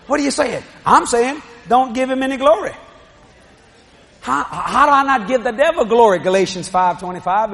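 A middle-aged man preaching a sermon, telling lively stories with laughing asides. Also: very high-pitched, normal speed. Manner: storytelling, animated, laughing asides.

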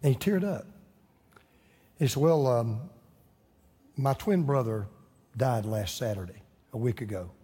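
A man's voice: mid-range voice, unhurried, pauses often, dark tone, breathy edge, big-room sound. A man, a pastor, telling a story in his sermon and building to fervent preaching.

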